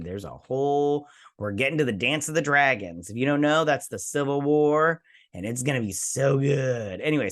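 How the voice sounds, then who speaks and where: A man's voice: medium pitch, fairly bright tone. A man hosting a TV review show, recapping an episode in a rambling, enthusiastic way with lots of fillers and restarts.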